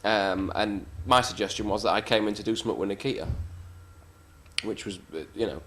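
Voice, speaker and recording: A man with a fairly low voice spins wrestling stories in a loose, casual way. He is blunt and swears freely, often poking fun at himself. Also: fairly even intonation, brisk, a bit bright. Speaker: professional wrestler interviewee. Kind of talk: casual anecdotal storytelling.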